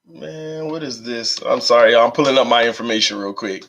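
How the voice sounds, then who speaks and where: A man hosting a casual live stream, animated and laughing often as he reads viewer comments aloud. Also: mid-range voice, brisk. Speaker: live-stream host reading chat.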